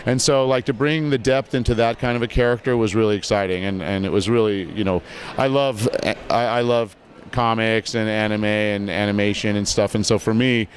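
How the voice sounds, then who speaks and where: A man being interviewed outdoors at a convention, telling lively stories about his voice work. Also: on the low side, a little fast, slight background noise. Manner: lively storyteller, mimics voices in anecdotes. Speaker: voice actor guest. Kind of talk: casual interview chat.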